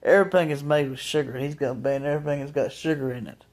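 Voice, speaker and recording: A man's voice: on the high side, very fast. A man talking casually to his viewers in a rambling vlog, often restarting and repeating his words. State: emotional, voice breaking. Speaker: vlogger. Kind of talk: casual monologue to camera.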